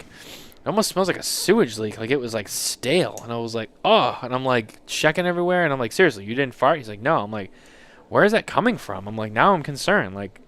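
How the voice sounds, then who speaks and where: A man co-hosting a casual talk show, telling animated, rambling anecdotes. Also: medium pitch. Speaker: podcast co-host. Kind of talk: casual chat, storytelling.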